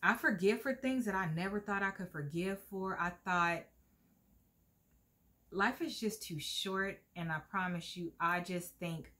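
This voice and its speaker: A middle-aged woman vlogging to camera in a heartfelt, earnest way, at times close to tears. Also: a little slow. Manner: heartfelt, earnest, lively pitch swings. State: emotional, near tears at times. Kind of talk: casual talk to camera.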